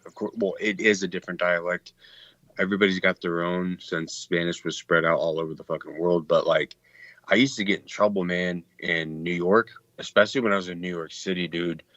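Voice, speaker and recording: Deep-voiced Texan man on a dull line. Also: a bit bright, no echo. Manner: loose, profane, talks over others. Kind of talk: casual chat.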